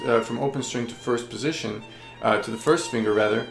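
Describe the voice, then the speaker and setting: A man's voice: mid-range voice, brisk, creaky, loud music behind the voice. A man teaching violin technique, explaining patiently with frequent fillers. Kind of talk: instructional explanation. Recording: roomy echo.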